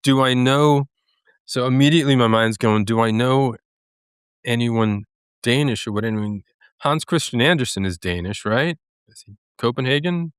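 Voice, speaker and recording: A man co-hosting a podcast in casual chat, rambling and hesitant with many pauses. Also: mid-range voice, clear, resonant tone, dry recording, studio quality. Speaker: podcast co-host.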